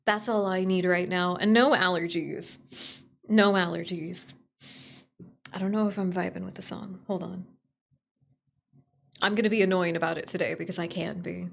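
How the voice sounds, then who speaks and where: A young woman streamer chatting casually with her viewers, rambling and giggling with sudden jumps in pitch, her voice a little strained from overuse. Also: steady tone, moderate pace, creaky, long pauses. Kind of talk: casual live-stream chat.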